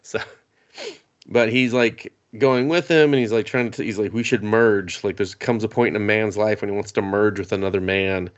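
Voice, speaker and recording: A man's voice: lowish voice, normal speed, dull audio. A man casually recapping an anime on a podcast, rambling and laughing, acting out the characters' lines with plenty of swearing. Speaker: podcast co-host.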